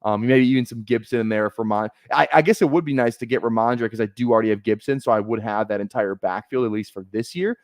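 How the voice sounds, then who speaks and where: A man's voice: medium pitch, fast, few pauses, dry recording. Male streamer, casual, rambling, thinking aloud, dry close sound. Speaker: fantasy football streamer. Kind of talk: casual live-stream commentary.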